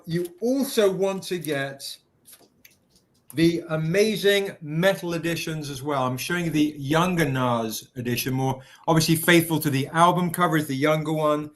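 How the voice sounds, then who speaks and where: A man hosting a live stream, chatting casually, greeting viewers by name and showing off merchandise. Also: on the high side. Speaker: livestream host. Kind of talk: casual livestream product pitch.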